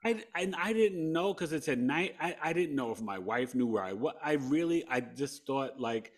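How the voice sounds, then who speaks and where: Animated man telling a personal story. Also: fairly high pitch, normal speed, hardly any pauses. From New York. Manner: animated, swings between hushed and loud, re-enacts dialogue. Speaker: podcast guest.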